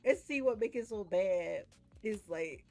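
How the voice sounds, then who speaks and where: A woman streaming a game while chatting casually, telling animated stories and breaking often into big laughs. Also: mid-range voice, measured pace. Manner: animated storytelling. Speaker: gaming streamer. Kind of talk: casual chat while gaming.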